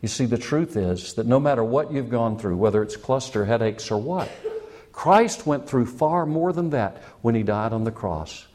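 A man's voice: mid-range voice, animated, moderate pace, darkish tone. A man preaching a sermon as pastor, building up with rising questions and impassioned appeals.

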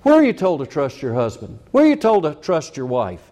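A man's voice: on the high side, wildly swooping pitch, a little fast, warm tone, lo-fi sound. An older male pastor preaching a folksy, conversational sermon full of asides and rhetorical questions.

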